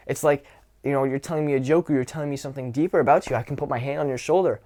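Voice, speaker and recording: A man coaching on social skills in a casual instructional talk, relaxed and grounded, slowing his words for emphasis. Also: a little high. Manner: demonstrative, swings from whisper to loud to show vocal dynamics; relaxed, grounded, drawn-out delivery with sighs.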